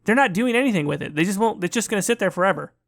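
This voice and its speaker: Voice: medium pitch, expressive, very fast. Wry, conversational podcast co-host. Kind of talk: casual gaming podcast chat.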